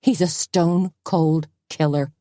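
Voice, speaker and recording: Woman voicing a furious café owner yelling. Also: deep voice, steady tone, unhurried, no echo, clean studio sound. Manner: shouting, furious. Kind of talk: audiobook character voice.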